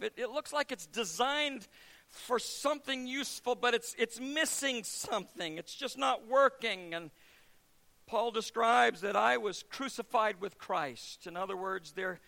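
Bright-voiced, high-pitched male pastor preaching. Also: a little slow, vocal fry. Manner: storytelling, acts out quoted voices, swings from quiet to loud. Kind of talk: sermon.

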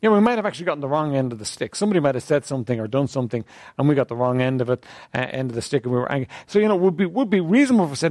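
A man leading a church group in a conversational talk on faith, asking questions of the group and often clearing his throat. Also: mid-range voice, very animated, rapid-fire, darkish tone, dry recording.

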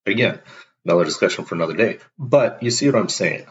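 This animated, fast-talking host uses his low, deep voice for an emphatic, blunt motivational monologue. He plays out everyday exchanges to illustrate his points, on a dull, lo-fi recording.

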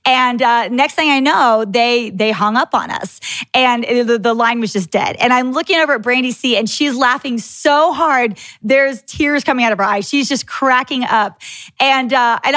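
A woman in her thirties hosting a podcast, telling a candid, animated story in a casual way. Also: on the high side, moderate pace, dry recording. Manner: animated, candid, swears freely. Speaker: podcast host.

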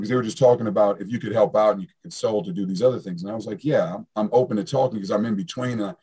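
Man, husky low voice, rapid talk, coach in an interview, acts out quotes. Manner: animated storyteller, acts out quoted dialogue. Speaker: strength and conditioning coach. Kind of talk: fast casual interview talk.

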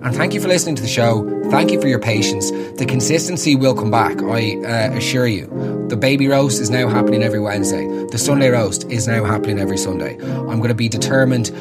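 A man's voice: medium pitch, fast talker, over loud music. An Irish man in his thirties hosting a comic podcast, telling sarcastic, ranting stories. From Ireland. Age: 30s. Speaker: podcast host.

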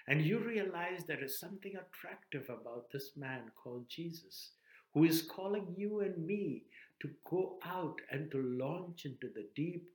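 Male preacher, earnest storyteller, dramatic pauses, reverberant room. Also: on the high side, a little mellow. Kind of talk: sermon.

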